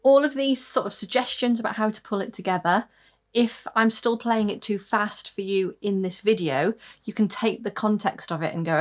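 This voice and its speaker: A harp teacher gives an online lesson, patiently counting aloud and singing out rhythms as she explains, with harp playing in the background. Her voice is medium-pitched at a normal speed.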